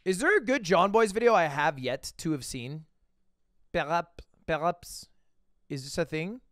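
A man's voice: fairly high pitch, very animated, a little fast, fairly bright tone, no room sound, clean studio sound. A man in his twenties streaming, chatting casually with viewers, reading their messages aloud and answering with profane, sarcastic jokes. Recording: faint music behind.

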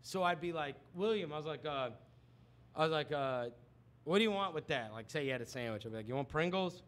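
A man's voice: fairly high pitch, a little fast. A man hosting a sports radio show, telling a story in casual studio banter and acting out quotes. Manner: animated storytelling, acts out quotes. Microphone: studio microphone.

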